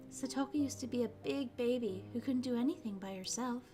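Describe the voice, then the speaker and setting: Woman voicing gentle soft young girl. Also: a little high, brisk, music in the background, natural voice. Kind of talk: visual novel read-aloud.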